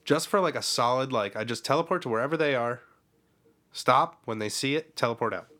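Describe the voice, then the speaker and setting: A man's voice: mid-range voice, a little fast, bright, forceful tone. A man co-hosting a podcast, joking crudely and rambling in casual banter with his friends. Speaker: podcast co-host.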